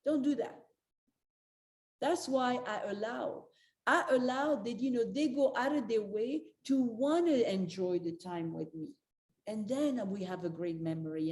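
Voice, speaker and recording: A woman's voice: fairly high pitch, animated, measured pace, darkish tone. An older woman giving a motivational talk as a spiritual life coach, earnest and direct, repeating her key advice to the listeners. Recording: roomy echo.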